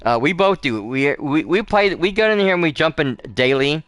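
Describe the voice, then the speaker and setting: Host, male, casual gameplay chatter, rambling with fillers, smooth resonant voice. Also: a little high, animated, moderate pace, a bit bright, no echo. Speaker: gaming channel host. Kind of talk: casual let's play commentary.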